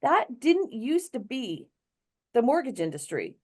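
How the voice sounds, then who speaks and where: A middle-aged woman hosting a show, chatty and quick to laugh in casual talk. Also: fairly high pitch, big pitch swings, slightly rough. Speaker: show host. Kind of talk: casual chat.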